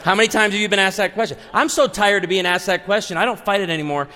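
A man in his forties, a pastor, preaching a sermon with animated, humorous storytelling. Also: high voice, fast, in a large hall, slight background noise. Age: 40s.

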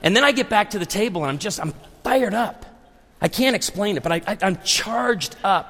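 Lively pastor in his forties telling funny stories, slightly high voice, recorded live in a hall with long reverb. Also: normal speed, slight background noise. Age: 40s. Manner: animated, humorous storytelling. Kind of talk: sermon.

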